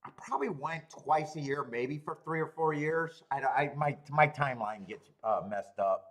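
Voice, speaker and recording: A man's voice: fairly high pitch, lively intonation, normal speed, a bit bright. A man in his thirties hosting a live stream, chatting casually, swearing freely and rambling with frequent laughs. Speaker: host of a live streaming show. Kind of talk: casual chat reading live chat.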